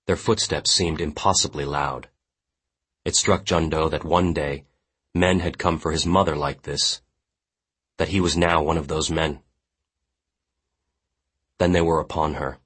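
A man reading literary fiction aloud as an audiobook narrator, in a measured, grave way. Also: a bass voice, steady tone, a bit bright, husky.

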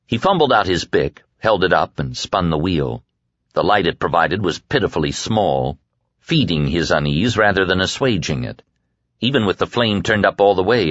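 Deep-voiced man reading a suspenseful story. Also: fairly bright tone, no echo. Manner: measured, suspenseful reading that slows and drops low at tense moments. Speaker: audiobook narrator. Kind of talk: scripted narration of a horror novel. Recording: dry, slightly dull lo-fi recording.

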